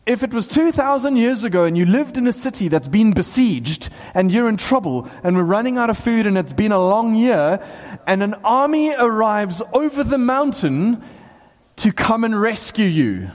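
A man preaching a sermon to a small gathering, talking with lively excitement and bursts of emphasis. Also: sits high, moderate pace. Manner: animated, bursts into excited shouts and laughs. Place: small hall with a few people. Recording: long hall reverb.

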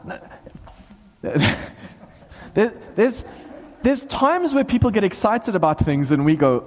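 A man preaching a sermon to a small gathering, talking with lively excitement and bursts of emphasis. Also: sits high, slow pace, pauses often. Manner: animated, bursts into excited shouts and laughs. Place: small hall with a few people. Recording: long hall reverb.

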